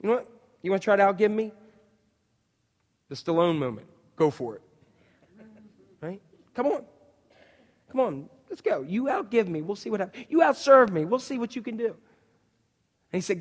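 A male pastor preaching a lively, jokey sermon, asking the congregation questions. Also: high-pitched, moderate pace, pauses often, long reverb tail.

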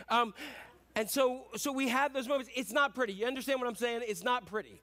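A man in his fifties preaches in a notably high voice, telling stories at his own expense. His delivery is loose and folksy, full of fillers and asides. The talk is a sermon to a congregation. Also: brisk, bright, forceful tone. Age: 50s. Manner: self-deprecating, folksy storytelling with many fillers. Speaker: pastor.

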